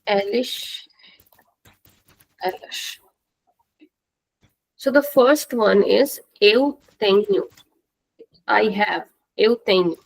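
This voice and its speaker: A woman teaching a live online language class, slow and patient, repeating words for the students to drill. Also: medium pitch, creaky, slightly rough, poor audio.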